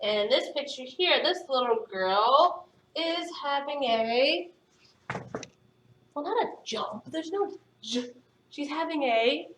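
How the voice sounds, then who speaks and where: A woman with a high, bright voice teaches phonics to young students, patiently encouraging them and sounding words out slowly. Her voice comes from a distance in an echoey room.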